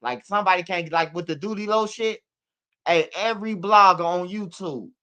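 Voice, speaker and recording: Smooth-voiced man. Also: sits high, moderate pace, sharp tone. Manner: profane, rambling, slangy. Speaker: online street-news commentator. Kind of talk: casual rambling commentary.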